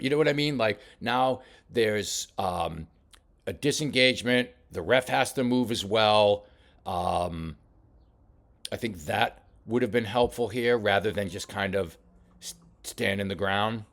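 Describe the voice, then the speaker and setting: A man coaching a boxer while reviewing fight footage, talking casually with many halting restarts. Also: lowish voice, fairly bright tone. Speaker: boxing coach. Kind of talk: film study commentary.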